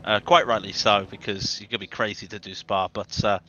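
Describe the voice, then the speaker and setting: A man's voice: lowish voice, fairly even intonation, fairly quick, sharp tone, lo-fi sound. A man commentating a sim race broadcast in a chatty, jokey way, laughing easily.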